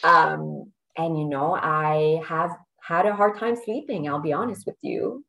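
On a low-quality recording, a middle-aged woman guesting on a podcast earnestly recounts a personal story, choking up and laughing between phrases. Her voice is deep, sharp, and marked by vocal fry, and she takes her time.

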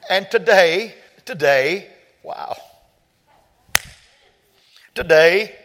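A pastor preaching a sermon, telling personal stories quietly and then rising to shouted climaxes. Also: male voice, high voice, expressive, slow, long pauses. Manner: swings from soft storytelling to loud shouted peaks.

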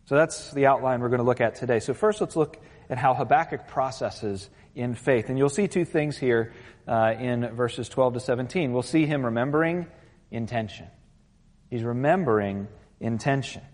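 After an opening prayer, a pastor delivers a sermon that starts earnest and builds to urgent intensity. His voice is medium-pitched and a little mellow, and a long hall reverb surrounds it.

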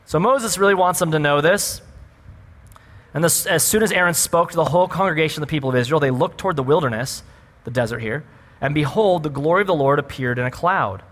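A man with a high voice delivers a lively sermon as a pastor. He keeps asking his listeners questions as he preaches. His voice rings with the long reverb of a large hall. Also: fast talker. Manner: animated preaching, rhetorical questions.

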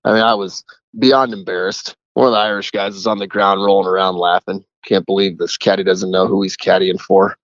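A man's voice: sits low, flat delivery, brisk, no echo, muffled recording. A man who works as a caddie, telling a rambling story in a casual voicemail. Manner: chatty, rambling.

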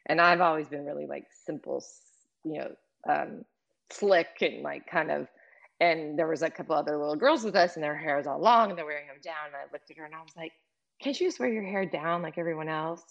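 A woman with a deep, gravelly voice talks openly and emotionally, full of fillers and restarts. She sounds middle-aged, and the recording is a little muffled. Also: a little fast. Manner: emotional, rambling, frequent fillers. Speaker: guest. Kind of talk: candid personal conversation.

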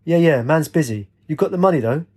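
A man's voice: a little high, expressive, brisk, a little mellow, slightly rough, pitched above the performer's own voice. A man voicing a cocky, menacing young male drug dealer who talks in impatient street slang.

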